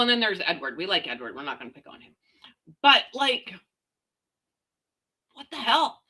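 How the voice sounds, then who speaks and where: Middle-aged woman from Canada, casual ranting vlogger, sarcastic and slangy, bright animated voice. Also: mid-range voice. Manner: blunt, sarcastic, slangy, mild swearing. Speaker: commentary vlogger.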